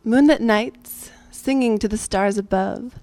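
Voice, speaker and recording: A woman's voice: on the high side, measured pace, a little mellow, no echo. A woman from Northern California introduces herself and gives a rhythmic spoken-word poem reading at a live community gathering. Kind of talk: poetry reading then singing with guitar.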